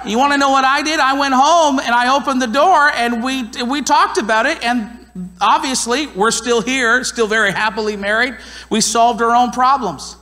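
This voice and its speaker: A man's voice: extremely high pitch, bright, forceful tone. A man preaching a sermon as a pastor, talking in a conversational, earnest and emphatic way. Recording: long hall reverb.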